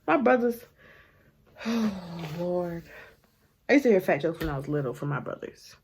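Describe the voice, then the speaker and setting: A woman in her twenties telling a story to camera in a sassy, animated way, often sighing and laughing and sometimes dropping into a hushed aside. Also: lowish voice, a little slow, a little hiss or hum. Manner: drops to a hushed aside at times.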